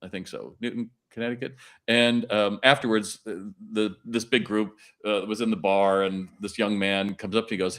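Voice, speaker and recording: A man's voice: fairly low pitch, normal speed. A middle-aged man, a retail consultant, chatting as a podcast guest and acting out shop dialogue in his stories. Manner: animated storyteller acting out dialogue. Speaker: retail consultant and keynote speaker.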